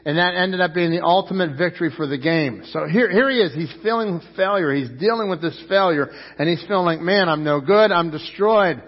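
A man delivers a sermon in a slightly high voice, spinning a story and pressing it home to his listeners. He lifts his voice to stress a point and drops to a near hush for the lesson. The sound is muffled and carries a long echo, as in a large church hall. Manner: storytelling preacher, rising and dropping to a hush. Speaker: pastor.

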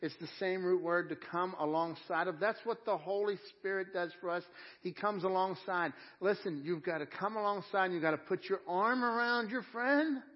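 A pastor delivers a conversational sermon at a live church service. His slightly high male voice drops low and slow for tender points, then lifts with excitement. The recording sounds a little muffled and lo-fi. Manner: conversational preaching, swings from hushed to excited.

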